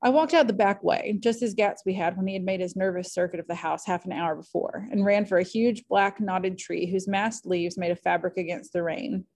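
A woman's voice: medium pitch, fairly even intonation, fairly quick, few pauses, a little mellow. Woman reading a classic novel aloud. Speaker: audiobook reader.

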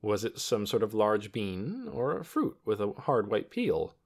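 A man's voice: lowish voice, huge pitch swings, unhurried, creaky, darkish tone. A man narrating a children's novel as an audiobook, telling the story expressively.

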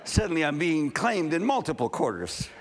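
A male pastor in his fifties from California, preaching a sermon with animated storytelling and acted-out dialogue. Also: fairly high pitch, normal speed. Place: large camp meeting hall. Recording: long hall reverb, faint ambient noise.

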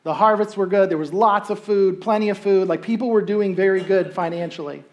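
A pastor's medium-pitched voice comes across brisk, with the high frequencies cut off, as he preaches in a church sanctuary. His easygoing sermon keeps asking the congregation rhetorical questions, and now and then he acts out the voices of the story's characters.

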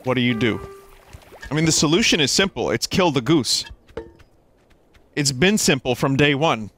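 A man giving excitable, swearing let's-play commentary as a streamer, laughing and yelping up high. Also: moderate pace, faint music behind.

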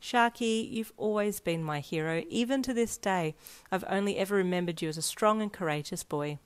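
A woman's voice: medium pitch, moderate pace, clear, resonant tone, natural voice. Woman voicing a bubbly, affectionate teen girl. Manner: excited, affectionate. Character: cheerful affectionate teenage girl.

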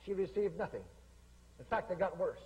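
High, bold revival preacher with echo. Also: male voice, animated, fairly quick, darkish tone. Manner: bold, emphatic, repeating phrases. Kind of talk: revival sermon. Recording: echoey hall with long reverb.

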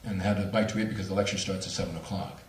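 A man, a speaker on near-death experiences, telling a story to a lecture audience with animated, laughing delivery. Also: low voice, very fast, reverberant, recorded from a distance. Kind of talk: storytelling at a talk.

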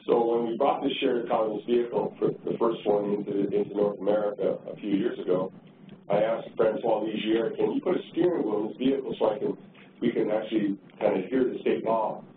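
A man giving a conference presentation in a loose, conversational way, often repeating words as he thinks. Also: fairly low pitch. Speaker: transportation agency director giving a talk. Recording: distant, tinny and roomy with noise.

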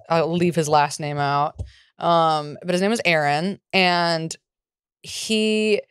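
Woman co-host, low-ish voice, smooth and clear, dry close sound, swears freely and plays out every line of her stories. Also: dry recording. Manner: profane, animated storytelling with acted-out quotes. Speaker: podcast co-host. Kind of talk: casual chat.

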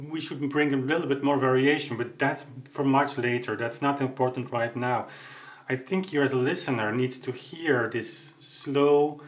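A man teaching music, thinking aloud with halting restarts and tag questions as he explains a piece. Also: mid-range voice. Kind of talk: explaining while practicing at the keyboard.

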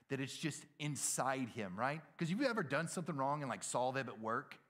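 Man, southern accent, middle-aged pastor, casual sermon, acts out scenes with loud highs and quiet drops. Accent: American Southern. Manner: casual storytelling, acts out dialogue with sudden loud high bursts and quiet drops.

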